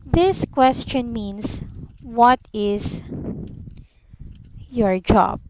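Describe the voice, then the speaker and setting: A woman with a Filipino accent tutoring English on a video call, speaking slowly and patiently and often praising the student. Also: a little high. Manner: slow, patient, encouraging, repeats "very good". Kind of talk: one-on-one online lesson. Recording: slightly muffled lo-fi audio with faint noise.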